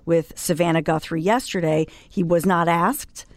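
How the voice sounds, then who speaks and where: A woman's voice: lowish voice, steady tone, normal speed, dry recording. A female talk radio co-host making pointed, matter-of-fact remarks.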